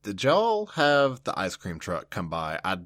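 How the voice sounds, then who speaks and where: A woman's voice: very deep voice, wildly swooping pitch, unhurried, fairly bright tone, no room sound, studio quality. A woman co-hosting a podcast, teasing and joking in casual chat. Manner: playful, teasing, jokey reasoning. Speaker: podcast co-host.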